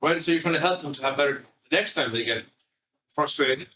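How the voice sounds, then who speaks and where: Addressing a room of parents, a middle-aged family psychotherapist from Ireland speaks a little fast in a bright, forward, fairly high voice. His style is conversational and full of anecdotes, restarts, and asides. He sounds distant, with a roomy echo around his words.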